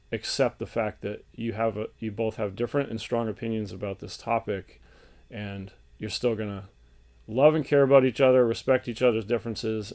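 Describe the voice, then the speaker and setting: A man's voice: lowish voice, a little mellow. Man giving earnest relationship advice. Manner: earnest, thinking aloud with fillers and restarts. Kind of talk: unscripted advice talk.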